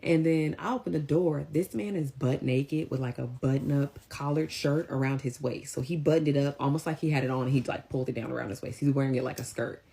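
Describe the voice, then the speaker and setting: A woman telling a personal story in a casual, animated, slangy way. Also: rumbling low, fairly quick, vocal fry, hardly any pauses. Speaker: vlogger.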